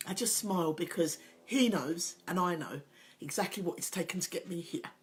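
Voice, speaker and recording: A woman's voice: fairly low pitch, normal speed. A middle-aged woman hosting a motivational talk, earnest and emotional, pressing her points by repeating them. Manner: earnest, emphatic, repeats key phrases; openly emotional, personal. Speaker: host, confidence coach.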